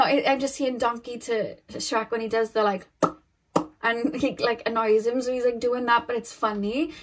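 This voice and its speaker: A young woman giving a casual, rambling tarot reading to camera, laughing often and acting out little quoted voices. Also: a little high. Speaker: tarot reader.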